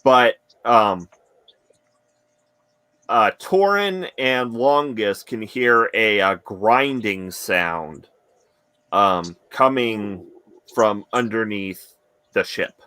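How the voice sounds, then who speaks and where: A man's voice: on the low side, very slow, long pauses, sharp tone, clean tone, dry recording. A man narrating as dungeon master, hesitant and full of fillers. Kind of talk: narrating a tabletop game.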